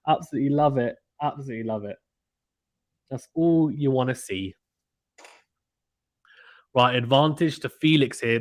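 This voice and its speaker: A man giving casual, excitable play-by-play commentary of a tennis match from home, chatting with viewers between points. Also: mid-range voice. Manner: chatty, excitable, reacts loudly to misses. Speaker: live stream commentator.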